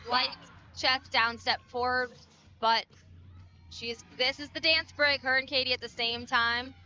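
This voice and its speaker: A woman's voice: high voice, steady tone, measured pace, sharp tone. A woman giving color commentary on a gymnastics meet, enthusiastic and chatty, with a muffled broadcast sound. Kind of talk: sports commentary.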